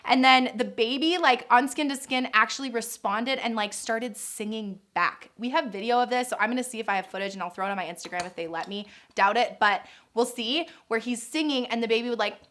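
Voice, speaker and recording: A woman's voice: fairly high pitch, fairly quick, hardly any pauses, a bit bright. A woman in her thirties, a birth coach and nurse, chatting through viewer questions in a casual vlog, gushing and laughing often.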